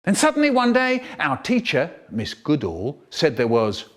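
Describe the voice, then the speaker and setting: A man telling silly comic stories in an animated spoken-word style, with sudden jumps in pitch. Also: normal speed.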